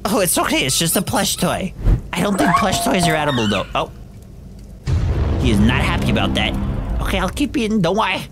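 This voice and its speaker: A woman hosting gameplay commentary, excitable and reactive, often breaking into shouts. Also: lowish voice, brisk, pauses often. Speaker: gaming video host. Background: game music.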